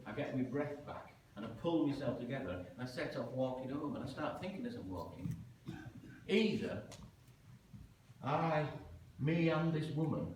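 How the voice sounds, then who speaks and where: A man telling a story live, dramatic and animated, acting out the voices he quotes. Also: mid-range voice, slight background noise. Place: large museum hall. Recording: echoey hall, heard from a distance.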